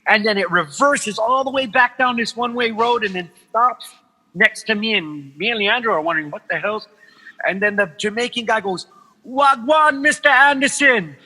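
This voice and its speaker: A man from Guam, a podcast guest, telling animated stories in casual chat, swearing freely and acting out the voices of people he quotes. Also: high-pitched, breathy edge, big-room sound, low-quality recording.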